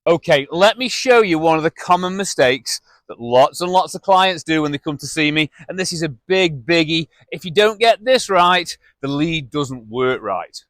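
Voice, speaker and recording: A man's voice: fairly high pitch, expressive, normal speed, few pauses, fairly bright tone, dry recording. A man teaching dog handling, giving direct, instructive explanations while he demonstrates with a dog on a lead outdoors. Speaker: dog trainer. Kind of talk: hands-on training demonstration.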